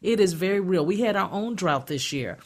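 A woman's voice: lowish voice, animated, brisk. A woman hosting a radio talk show, chatty and emphatic, often restarting her sentences. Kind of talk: casual radio chat. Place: radio studio.

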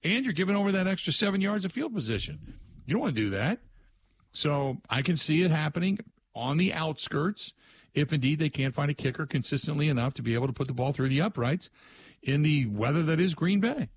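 A man's voice: fairly high pitch, animated, fairly quick, slightly rough, no echo. A man hosting a sports radio show, telling rambling stories in a loose, conversational way and inviting listener calls.

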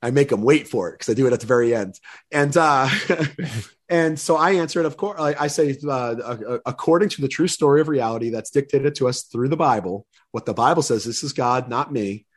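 A man's voice: mid-range voice, fairly quick. An older man, a guest on a talk show, telling stories earnestly and often restarting his words. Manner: earnest storyteller, repeats words when starting sentences. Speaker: guest speaker. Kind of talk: casual interview chat.

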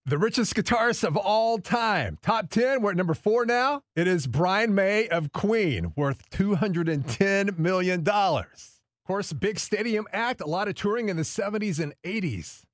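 A man's voice: high voice, lively intonation, moderate pace, no room sound, clean studio sound. A man hosting a radio podcast, reading a countdown list in an upbeat, chatty way. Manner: upbeat, chatty, repeats "of course". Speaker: radio host.

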